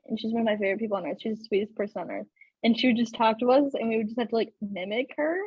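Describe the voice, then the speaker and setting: Podcast host, young woman, breathy and slightly high, dry muffled recording. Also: rapid-fire, no room sound. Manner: chatty, lots of fillers and laughs. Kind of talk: casual chat.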